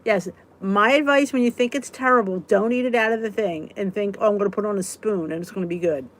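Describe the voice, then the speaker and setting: A chatty woman hosts a relaxed live stream, answering viewers one by one. She giggles easily and keeps an easygoing, talkative flow. Her voice sits at an ordinary middle pitch. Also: fast talker. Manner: giggly, chatty, answers comments as they come. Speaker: weight-loss vlog host.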